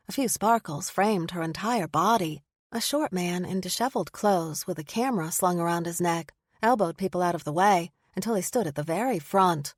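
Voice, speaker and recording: A woman reads a first-person audiobook with a lively, rising and falling delivery and measured storytelling. Her voice is recorded close and dry, with no room sound. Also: on the low side, dry recording. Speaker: audiobook narrator. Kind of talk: first-person scripted narration.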